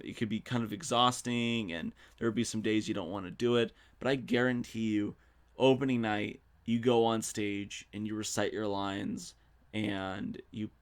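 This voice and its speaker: A young man hosting a solo podcast, telling stories in a casual, animated way with some swearing. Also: on the low side. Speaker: podcast host. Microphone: studio mic.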